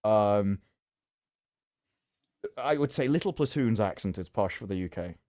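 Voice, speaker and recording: A man's voice: lowish voice, animated, unhurried, a little mellow, dry recording, studio quality. A man with an English accent, chatting wryly as co-host of a commentary show. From England. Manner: wry, quotes movie lines in put-on voices. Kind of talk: casual commentary chat.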